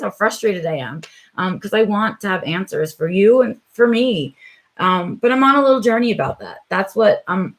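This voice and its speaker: Reflective woman hosting a live stream. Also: lowish voice. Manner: reflective, hesitant, many "um"s and "right?"s. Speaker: vlog host on a live stream. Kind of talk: unscripted live stream chat with viewers.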